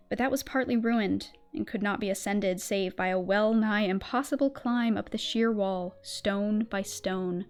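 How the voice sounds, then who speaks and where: A woman streamer doing a whispered role-play reading of a spooky story in a soft, slow ASMR-style voice. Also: mid-range voice.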